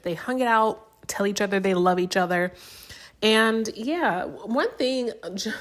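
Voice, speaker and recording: A young woman recapping a reality show in casual chat, with lots of "um" and "like". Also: fairly low pitch. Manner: chatty, many fillers like "um" and "like".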